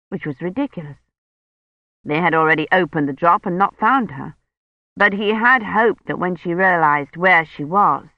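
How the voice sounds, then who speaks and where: Even-paced novel narrator, mid pitch, dry muffled recording. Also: no echo. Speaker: audiobook narrator. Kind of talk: scripted narration.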